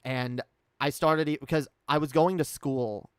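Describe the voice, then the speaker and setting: A man's voice: fairly high pitch, steady tone, a little slow, clear, resonant tone, dry recording. A man talking casually and candidly into a close mic, rambling with frequent fillers and restarts. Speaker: streamer. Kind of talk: casual personal chat.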